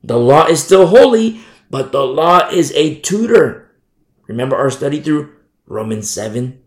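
An American man teaching through a Bible passage verse by verse, emphatic, asking rhetorical questions and drawing key words out slowly. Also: a little high, big pitch swings, echoey room. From United States.

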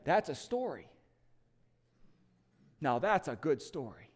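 A male lead pastor preaching an Easter sermon in church. He is emphatic and swings from loud declarations to hushed appeals. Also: on the high side, very animated, slow pace.

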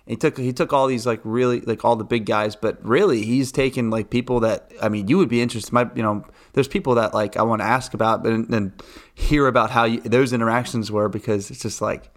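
A man co-hosting a casual podcast, speaking haltingly and leaning on "like" and restarts. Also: medium pitch, fairly even intonation. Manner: halting, filler-heavy, starts over often. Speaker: podcast co-host.

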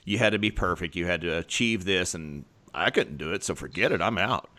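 A man's voice: deep voice, fairly quick, pushed and bright. A man co-hosting a casual podcast chat, talking in a reflective way and laughing easily. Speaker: podcast co-host.

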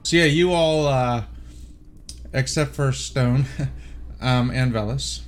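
A man's voice: medium pitch, slow pace, slight background noise. A man narrating as game master of a tabletop role-playing game, casual and full of fillers and restarts.

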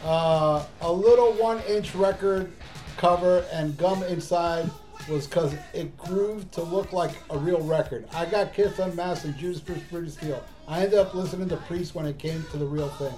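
A man co-hosting a podcast in casual chat, telling stories and reading listener comments with animated, profane energy. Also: a little high, moderate pace, faint music behind. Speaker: podcast co-host.

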